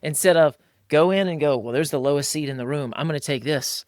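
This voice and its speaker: Brisk and a little mellow, a slightly high male voice co-hosts a laid-back podcast, using slang, calling listeners "bro," and doing impressions of those he quotes. Clean, dry studio sound.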